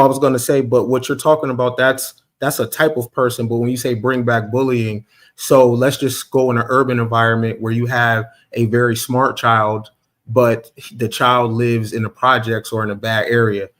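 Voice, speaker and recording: A man's voice: mid-range voice, steady tone, moderate pace, fairly bright tone. A man on a panel debate who rambles and thinks aloud while making his point. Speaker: panel guest.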